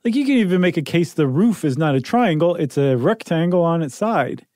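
A man co-hosting a podcast speaks in a slightly raised, mellow tone. He jokes and banters in a casual way, sounding a bit tired. The close microphone gives a dry sound. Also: a little high, expressive, brisk, no room sound. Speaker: podcast co-host. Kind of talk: casual chat.

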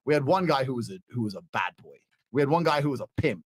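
A man's voice: medium pitch, quick pace, husky, no echo. A man telling a crude story as a podcast guest, acting out the people in it. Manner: crude, lively, acts out the people in his stories. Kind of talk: animated storytelling.

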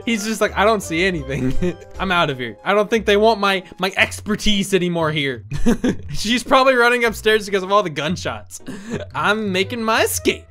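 Young guy narrating his gameplay, high-pitched and bright, lots of laughing and stammery restarts. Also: expressive, faint music behind. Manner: jokey, laughing often, quick stammering restarts. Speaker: gaming video host. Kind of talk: casual gameplay commentary.

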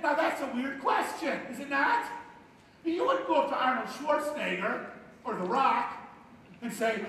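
A male pastor from Ohio preaching a sermon, swinging between loud bursts and hushed asides. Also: very high-pitched, animated, normal speed, recorded from a distance, slight background noise. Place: church sanctuary. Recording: echoey hall, picked up from afar.

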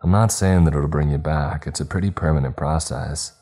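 A man's voice: rumbling low, a little fast, mellow, faint music behind. A man reading a blunt, grim-voiced instructor.

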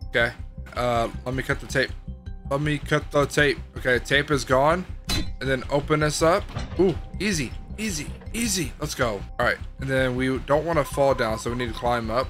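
A young man commentating a horror game, excitable and chatty, full of slang. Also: mid-range voice, normal speed. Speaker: gaming video host. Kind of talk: gameplay commentary. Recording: game music behind.

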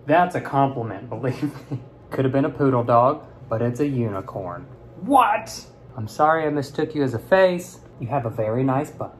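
A young man chatting playfully while opening fan mail, swinging from mumbles to high squeals. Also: slight background noise. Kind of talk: casual unboxing chat.

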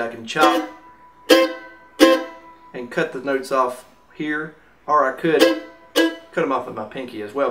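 This instructional demo features a man with a medium-pitched, fairly bright voice explaining mandolin rhythm easily while counting beats aloud. Mandolin music plays, and the recording is roomy and off-mic.

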